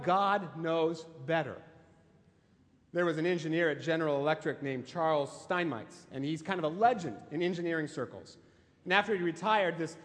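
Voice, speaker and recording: High-voiced male pastor preaching. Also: long reverb tail. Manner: emphatic storytelling with rhetorical questions. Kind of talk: sermon.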